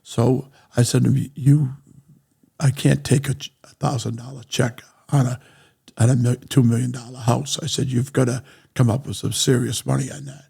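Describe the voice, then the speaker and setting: A man with a New England accent, telling a long business story on a podcast and acting out everyone's lines as he goes. His voice is gravelly, with a husky edge. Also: medium pitch, moderate pace. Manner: animated anecdotes, acting out other people's lines. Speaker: real estate developer.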